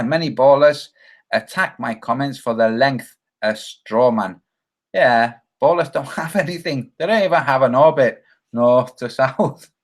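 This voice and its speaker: On a casual livestream, the male host rambles and cracks jokes while reading viewer comments aloud. When quoting voices, he acts them out with big pitch jumps.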